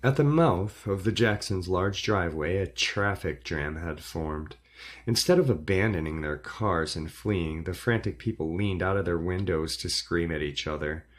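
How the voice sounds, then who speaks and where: A man with a very deep voice reads a horror story aloud. His delivery is measured and dramatic, and he builds tension line by line. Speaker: narrator.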